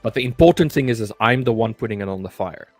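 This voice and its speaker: A man's voice: on the low side, expressive, quick pace, no room sound, soft background music. A man, co-hosting a livestream in casual, joking chat that stumbles over repeated words. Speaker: livestream co-host.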